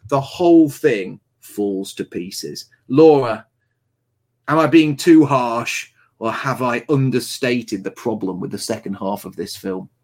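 A man's voice: medium pitch, slow. Blunt man reviewing a film. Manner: blunt, animated, mocking. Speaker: host. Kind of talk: casual film review chat.

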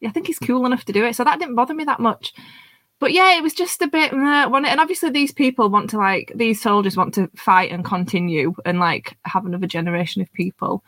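A woman's voice: on the high side, quick pace, a bit bright, dry recording. A woman chatting casually about a film, hesitant and full of restarts, laughing often. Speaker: panelist. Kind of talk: casual film review chat.

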